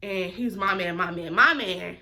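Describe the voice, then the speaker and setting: Woman, casual storytime vlog, animated, bright voice. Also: lowish voice, unhurried. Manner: animated storytelling, quotes others in raised voices. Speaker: vlogger.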